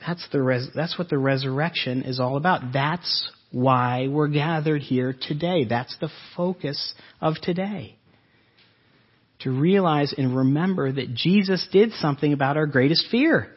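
Husky guy preaching, earnest, goes loud then quiet, kinda dull lo-fi sound. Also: fairly high pitch, unhurried. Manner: earnest preaching, voice swells then drops soft. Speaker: pastor. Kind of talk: sermon.

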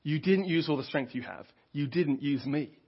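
Brief: man playing a calm, strong father, gentle and reassuring, husky voice, lo-fi audio. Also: fairly high pitch, normal speed. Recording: dull lo-fi audio.

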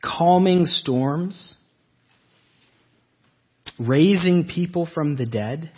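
A man's voice: fairly high pitch, very slow, slightly rough, muffled recording. A man preaching a sermon to his congregation, earnest and asking them questions as he goes. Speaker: pastor. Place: church sanctuary.

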